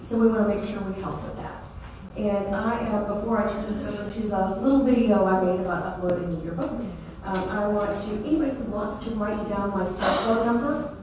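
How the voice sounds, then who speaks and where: A woman's voice: mid-range voice, brisk, a little mellow. A woman from Mississippi with a Mississippi Southern accent, giving a friendly, chatty presentation to a live audience. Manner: friendly, chatty, self-deprecating. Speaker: presenter at a meeting. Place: large meeting hall. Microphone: room mic from a distance. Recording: echoey hall from far off, noisy.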